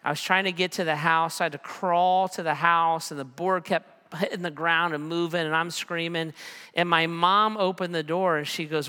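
A man in his forties delivers a sermon in a relaxed, conversational way, joking at his own expense as he tells a story. His voice sits a little high and sounds bright and smooth. It rings with the long reverb of a large hall. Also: moderate pace. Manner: conversational, self-deprecating humor. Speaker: pastor.

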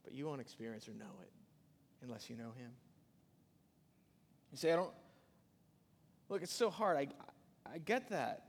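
A man's voice: medium pitch, very animated, moderate pace, vocal fry, long pauses, breathy edge. Man preaching in a reverberant hall. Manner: conversational preaching with sudden loud rises and soft drops. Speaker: pastor. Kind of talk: sermon.

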